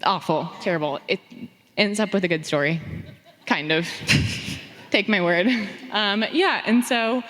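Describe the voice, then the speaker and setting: A young woman from Phoenix tells a family story on a theater stage, animated and profane, acting out the lines she quotes. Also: medium pitch, measured pace. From Phoenix, Arizona. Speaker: audience member sharing a story on stage. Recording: long theater reverb.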